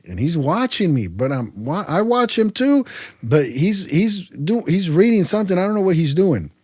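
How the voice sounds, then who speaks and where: Man telling a story with a mellow voice. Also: fairly high pitch, normal speed, breathy edge, no room sound, clean studio sound. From Central Valley, California. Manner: animated storyteller who acts out dialogue, slangy, many fillers. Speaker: podcast guest. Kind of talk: casual storytelling interview.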